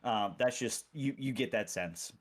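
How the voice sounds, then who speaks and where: A man's voice: medium pitch, measured pace. A man narrating as game master, describing scenes loosely with many fillers. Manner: rambling, filler-heavy description.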